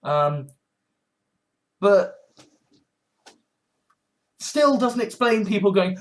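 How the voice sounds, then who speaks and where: A man in his twenties in a rambling vlog monologue, halting and sardonic, with many restarts. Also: high voice. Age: 20s. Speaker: vlogger.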